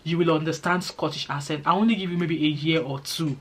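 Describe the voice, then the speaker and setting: A woman's voice: deep voice, steady tone, a little fast, breathy edge. A middle-aged Nigerian woman with a Nigerian accent chatting casually to her vlog viewers, reassuring and easygoing, with pidgin phrases slipping into her talk. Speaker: vlogger.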